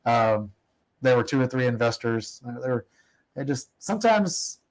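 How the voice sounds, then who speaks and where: A man's voice: mid-range voice, sing-song, moderate pace, poor audio. A middle-aged man, a guest in an interview, telling stories in a casual, rambling, self-deprecating way with many restarts. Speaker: guest, oil company operator.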